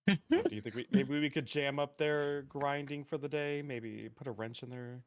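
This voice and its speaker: A man's voice: medium pitch, moderate pace. A man playing a tabletop game who earnestly suggests plans. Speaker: player. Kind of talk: casual tabletop play.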